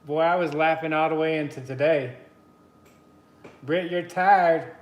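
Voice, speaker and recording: A man's voice: a little high, measured pace, echoey room, lo-fi sound. A man hosting a casual live stream, chatty and greeting his viewers by name between easy laughs. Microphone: computer mic on a live stream.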